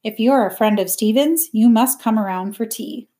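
A woman's voice: a little high, normal speed, mellow, close to an everyday voice. Woman reading crusty old army colonel, barks orders, bossy. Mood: gruff. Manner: barking, commanding.

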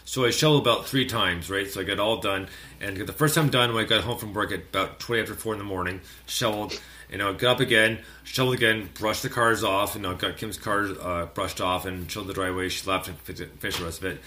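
A man from Canada hosts a music radio show with a bright, forceful voice. He rambles through his stories with lots of fillers, breaking into loud animated outbursts now and then. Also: fairly low pitch, quick pace. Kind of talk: casual chat.

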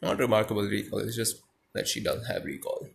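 A man's voice: on the low side, level tone, brisk, creaky. Musing man thinking aloud. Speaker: reader and commentator. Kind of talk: storybook reading with commentary.

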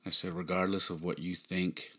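A man in his thirties hosting a podcast, telling a personal story in a subdued, halting way with frequent sighs. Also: low-pitched, little pitch movement, sharp tone. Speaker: podcast host.

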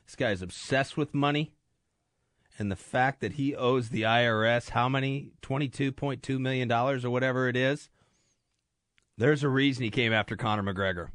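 A man's voice: medium pitch, normal speed, a bit bright, no echo. A man filling in as radio host, talking sports in a casual, rambling, joking way in a studio. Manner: rambling, joking, self-deprecating.

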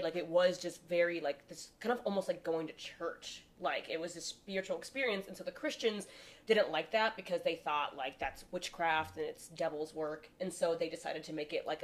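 A young woman chats on a podcast about a holiday's history, and she laughs easily. She fills her talk with "like", at an everyday pitch. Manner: chatty, laughs often, many "like" fillers. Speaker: podcast co-host. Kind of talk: casual chat.

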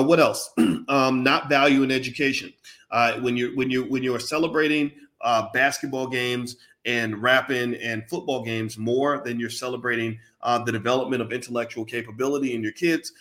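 With a mid-range, slightly bright voice, this man preaches an emphatic monologue full of feeling. He repeats points and talks directly to listeners in casual slang, like a commentator.

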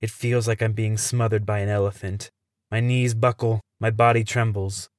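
A man who hosts a podcast, telling a tense first-person story in a measured way. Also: on the low side, level tone, no room sound, studio quality.

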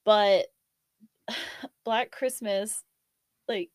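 A woman's voice: mid-range voice, steady tone, extremely slow, dry recording. A woman hosting a casual chat, swearing and laughing, who also reads a scary story aloud. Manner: profane, laughing, chatty. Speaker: podcast host.

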